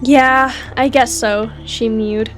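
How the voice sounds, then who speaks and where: A woman reading a story roleplay aloud as narrator and player, animated and jumping higher on shouted lines. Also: slow, faint music behind. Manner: animated, rises high for shouted character lines.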